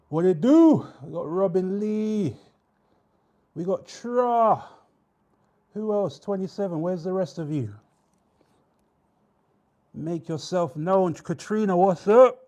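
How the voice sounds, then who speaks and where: A young man hosting a live weigh-in stream, chatting casually with viewers and reading out their names with drawn-out shout-outs. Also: a little high. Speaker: livestream host.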